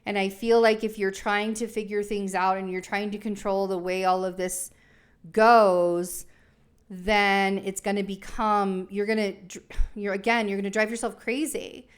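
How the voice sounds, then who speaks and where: A young woman talks through a tarot spread, her voice sitting at an ordinary middle pitch. She rambles and reassures, thinking aloud with frequent fillers and restarts. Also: level tone, unhurried. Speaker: tarot reader. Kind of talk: casual tarot reading monologue.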